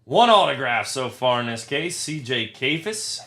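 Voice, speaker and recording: A man's voice: mid-range voice, big pitch swings, measured pace, pushed and bright. A young man hosting a live trading card break, talking to his chat, frustrated and swearing often. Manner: profane, frustrated, talks to chat.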